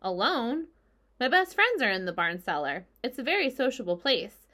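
A woman's voice: on the high side, sing-song, moderate pace, bright, forceful tone, voice pushed up, exaggerated voice. A woman voicing an imaginative young farm girl who insists eagerly on her tales.

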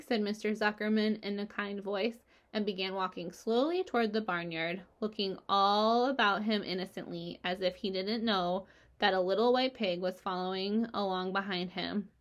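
A woman reading a children's novel aloud as narrator, expressive and lively. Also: medium pitch, moderate pace. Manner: expressive, lively character voices.

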